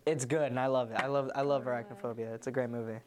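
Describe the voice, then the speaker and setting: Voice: mid-range voice, steady tone, fast talker, crowd noise. Rambling young podcast host, lots of "like". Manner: rambling, many fillers and restarts. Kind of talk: casual chat, retelling a movie.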